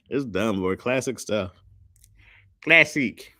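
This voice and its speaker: Male streamer, low voice, slangy casual chat, dry close sound. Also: no room sound. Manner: loose slangy talk, reads chat aloud.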